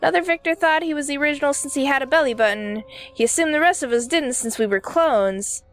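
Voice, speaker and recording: A woman's voice: high-pitched, fast talker, soft background music, natural voice. A woman reading the lines of a weary male wanderer from a dream game, in an offhand, matter-of-fact way.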